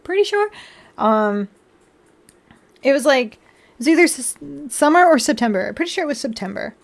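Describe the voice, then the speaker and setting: A woman's voice: high voice, big pitch swings, moderate pace. Giggly young woman streamer. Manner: giggly, chatty, baby-talks to her cats. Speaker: livestream host. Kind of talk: casual livestream chat.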